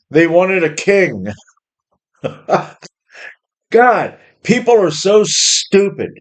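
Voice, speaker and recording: A middle-aged man ranting angrily about his job and the system, profane and rambling. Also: sits high. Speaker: worker ranting about jobs. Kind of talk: angry monologue rant.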